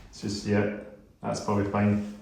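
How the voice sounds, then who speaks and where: Flat-voiced podcast host, echoey room. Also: male voice, fairly low pitch, moderate pace, creaky. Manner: easygoing, short agreeable replies. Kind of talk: casual podcast chat. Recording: roomy, distant mic, faint noise.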